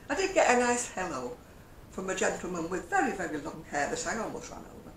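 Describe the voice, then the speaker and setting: An older woman chatting in a vlog, telling stories and chuckling often. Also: lowish voice. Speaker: crochet vlogger. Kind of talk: casual chat. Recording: echoey room with faint hum.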